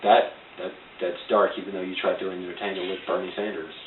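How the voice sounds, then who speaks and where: A man's voice: low voice, little pitch movement, quick pace, slight background noise. A man co-hosting a casual wrestling preview chat, talking in a wry, rambling way with plenty of fillers. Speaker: podcast co-host. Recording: tinny echoey room mic from far off.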